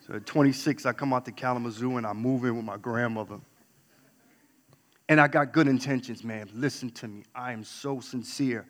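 A man from New York telling a candid personal story on stage, swinging between loud outbursts and hushed asides. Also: medium pitch, normal speed. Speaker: speaker. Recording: long hall reverb.

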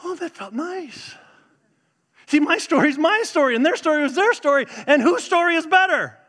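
A middle-aged man, preaching a sermon in an animated way, swinging between loud bursts and hushed asides. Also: very high-pitched, a little fast. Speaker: pastor.

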